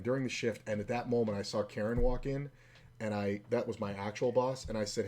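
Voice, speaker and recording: A man's voice: lowish voice, steady tone, a little fast, darkish tone. A man streaming a game and chatting casually, telling a rambling, profane story between side comments on play. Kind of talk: casual storytelling while gaming.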